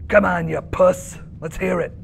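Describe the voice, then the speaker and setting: A man's voice: high-pitched, steady tone, measured pace, vocal fry, a little hiss or hum, heavily acted. A man playing a crude brash space pilot.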